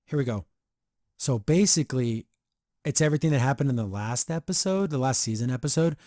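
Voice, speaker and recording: A man hosting a podcast, giving a casual episode review in a rambling, excitable way full of fillers. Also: medium pitch, a little fast. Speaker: podcast host.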